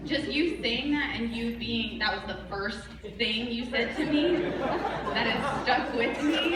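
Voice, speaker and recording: A young woman speaks at a church open mic, chatty and quick to laugh as she tells a family story. Her voice carries from a distance through a very echoey hall. An audience murmurs under her. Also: a little high, very noisy. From Canada. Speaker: family member giving a tribute. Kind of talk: open-mic tribute speech. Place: large church hall, live event.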